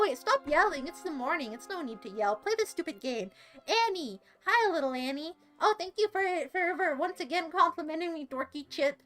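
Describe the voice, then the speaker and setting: A woman's voice: high voice, animated, fairly quick, fairly bright tone, soft background music. A woman livestreaming a game and chatting with viewers in a theatrical, self-mocking, giggly way. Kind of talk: casual livestream chat reading comments while gaming. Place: seated at a computer.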